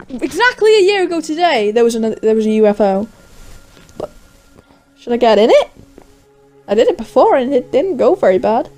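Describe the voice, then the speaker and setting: A woman gaming YouTuber narrating a Minecraft role-play in an excitable, self-narrating way with squeals and gasps. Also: a little high, fairly quick, pauses often, faint music behind.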